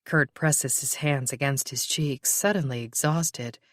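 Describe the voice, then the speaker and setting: An audiobook narrator reading a novel with even, measured delivery. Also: mid-range voice, no echo, clean studio sound.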